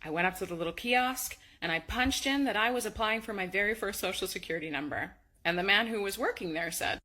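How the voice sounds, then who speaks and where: A woman from Canada telling a story in a lively way, imitating the people in it. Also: mid-range voice, fast, hardly any pauses. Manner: bright, animated storytelling that imitates other people.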